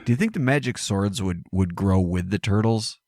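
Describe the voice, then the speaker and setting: A man's voice: on the low side, expressive, normal speed, darkish tone, no echo, clean studio sound. A man co-hosting a podcast in casual chat, riffing playfully and laughing a lot. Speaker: podcast co-host.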